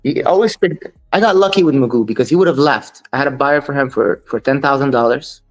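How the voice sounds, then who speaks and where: With soft background music, a fast-talking man of medium pitch tells stories as a guest in an interview. He's a dog breeder who speaks bluntly, dismisses those who criticize him, and recounts conversations by quoting people.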